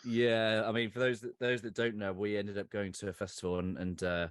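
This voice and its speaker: A man hosting a podcast interview, chatty and quick to laugh. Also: on the low side, little pitch movement, clear, resonant tone, no echo, clean studio sound. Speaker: podcast host.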